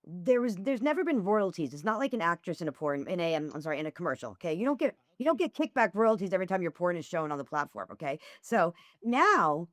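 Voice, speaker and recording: A middle-aged woman speaking in a candid interview, her pitch leaping around as she acts out the people in her anecdotes. Her voice sits in an ordinary middle register. The sound is dry and close, with no room around it. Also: fast, hardly any pauses, dry recording. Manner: animated storyteller, acts out dialogue with big pitch swings. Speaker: podcast guest, author.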